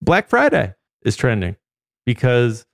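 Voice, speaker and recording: Gravelly, joking male podcast host. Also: medium pitch, wildly swooping pitch, measured pace, dry recording, clean studio sound. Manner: joking, rambling, swears casually. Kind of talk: casual comedic chat.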